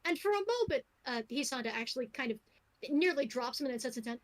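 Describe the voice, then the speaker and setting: A woman's voice: sits high, animated, quick pace, low-quality recording. A woman narrating a tabletop game as game master, in a casual, wry way with fillers.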